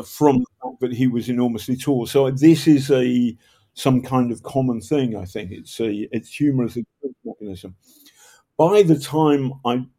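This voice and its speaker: An older man with a northern English accent talks through a long interview answer in a mid-pitched voice. He tells his stories in a rambling way, breaking off mid-sentence and starting again. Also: warm tone. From Northern England. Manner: rambling, self-interrupting storyteller with projected voice. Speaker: guest, journalist and author. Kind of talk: conversational storytelling interview.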